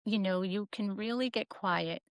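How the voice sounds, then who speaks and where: A woman's voice: mid-range voice, moderate pace, clean tone, no echo. A middle-aged woman shares her life story as a podcast guest, earnest and reflective. She acts out the voices of people she quotes. The recording is dry and close, with almost no room sound. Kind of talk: candid personal storytelling.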